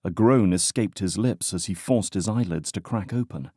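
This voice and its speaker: A man narrating a romantic suspense audiobook in a measured, even way. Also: sits low, breathy edge, no echo, studio quality. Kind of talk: scripted narration.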